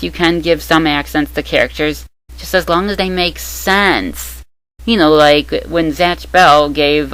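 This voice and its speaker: A young adult reviewer reads through a scripted rating system with a gravelly, fry-edged voice. The delivery is opinionated and laced with sarcastic jabs. The sound is dry and close, with no room around it. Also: mid-range voice, a bit bright, no room sound, poor audio. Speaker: anime dub reviewer.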